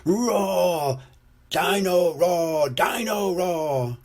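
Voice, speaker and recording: An older man voicing a singing toy dinosaur in a storybook reading, with slow drawn-out chanting. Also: high voice, lively intonation, a little mellow, pitched above the performer's own voice, heavily acted. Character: toy dinosaur robot that sings and roars.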